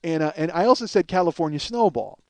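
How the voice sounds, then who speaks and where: Profane, animated man telling a comic story. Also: a little high, quick pace, slight background noise. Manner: profane, animated, acts out quoted dialogue. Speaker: podcast host.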